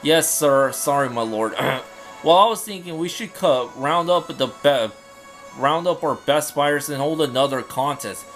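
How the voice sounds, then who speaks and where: A man's voice: on the high side, lively intonation, measured pace, soft background music. Hinata, a man voicing a brash samurai. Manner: loud, boastful, blunt. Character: brash young male samurai retainer. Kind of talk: fan dub of game dialogue.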